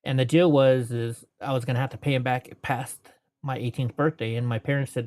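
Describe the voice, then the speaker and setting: A man in his forties speaks fairly quickly in a medium-pitched, darkish, steady voice. He's an interview guest in a casual chat, rambling through long stories and correcting himself as he goes. Between anecdotes he laughs, and he does voices when quoting people.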